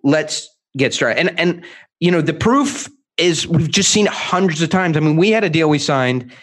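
A man speaking as a guest author in an interview, emphatic and animated, acting out quotes with many restarts. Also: a little high, moderate pace.

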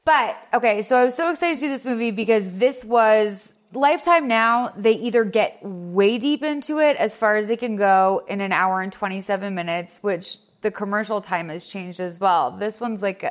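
Podcast host, woman, 30s; loose, filler-heavy casual talk at an average pitch. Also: normal speed, hardly any pauses. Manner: chatty, peppers speech with "like". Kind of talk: casual chat.

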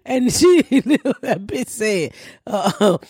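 A woman's voice: mid-range voice, very animated, very slow, darkish tone, slightly rough. A middle-aged woman hosting a podcast, telling stories in casual banter with a brash, profane, boisterous manner. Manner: brash, profane, boisterous storytelling with frequent laughter. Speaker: podcast host.

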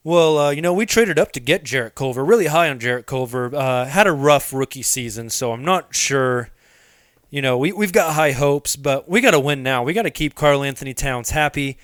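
Man playing cautious exec, hesitant, hedging, mid pitch, dry recording. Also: animated, moderate pace, smooth, no echo, natural voice. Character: cautious male team executive weighing offers. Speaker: mock team executive on a trade call.

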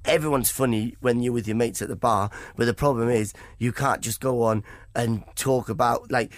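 A man's voice: mid-range voice, steady tone, moderate pace, no echo, studio quality. A man, a comedian being interviewed, chatting and telling stories, acting out other people's voices. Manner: chatty storytelling, acts out quoted voices. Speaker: comedian guest. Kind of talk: casual interview chat.

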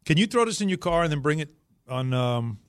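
A man hosting a sports talk radio show, chatting casually in a lively, joking way. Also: on the high side, a little fast, dry recording. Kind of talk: casual chat.

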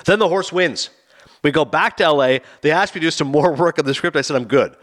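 Fast, animated man telling stories. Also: on the high side. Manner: animated storyteller, acts out quoted people. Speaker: podcast co-host. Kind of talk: casual chat, retelling anecdotes.

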